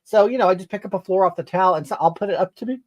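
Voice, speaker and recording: A woman's voice: mid-range voice, racing, a little mellow, lightly acted. A woman playing a brash, touchy middle-aged livestreamer who answers viewer comments in a sassy, rambling way, tagging on "okay?" and "honey". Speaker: livestream comedy character. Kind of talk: character livestream reading comments.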